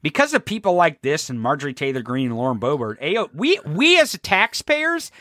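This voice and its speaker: A man co-hosting a podcast, talking politics in a casual, profane and animated way with frequent restarts. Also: fairly high pitch, brisk, no room sound, clean studio sound. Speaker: podcast co-host.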